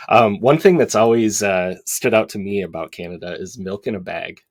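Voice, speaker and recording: A man's voice: lowish voice, moderate pace, dry recording. A man hosting a podcast, chatting with light laughter and then reading out announcements steadily. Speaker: podcast host. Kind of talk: casual podcast chat with announcements.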